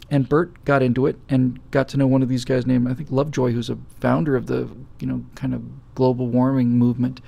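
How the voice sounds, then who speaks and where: Gravelly, husky male talk host. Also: medium pitch, mellow. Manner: rambling and anecdotal with frequent fillers. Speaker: live show host. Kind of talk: casual storytelling chat.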